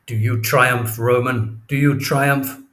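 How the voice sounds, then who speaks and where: A man's voice: mid-range voice, steady tone, takes it slowly, pushed and bright. A male audiobook reader voicing a jealous, tormented general who mutters bitter asides. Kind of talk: audiobook character reading.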